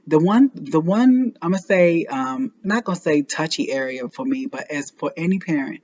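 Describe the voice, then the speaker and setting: An earnest woman in her forties speaks straight to fellow parents in a heartfelt motivational vlog. She leans on repeated phrases to drive her point home. The recording sounds dull and lo-fi. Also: lowish voice. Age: 40s. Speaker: parenting vlogger. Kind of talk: heartfelt motivational talk to camera.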